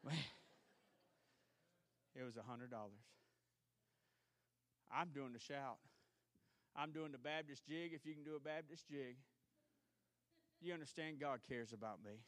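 Bright-voiced Southern preacher man. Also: mid-range voice, measured pace, long pauses, no room sound. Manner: preaching, swings from shouting to hushed storytelling. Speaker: pastor. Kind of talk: sermon. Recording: archived church service.

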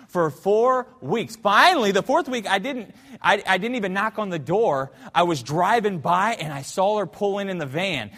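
A man preaching a sermon as pastor in a church, telling a story fervently, swinging between loud and hushed. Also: sits high, big-room sound. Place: church sanctuary.

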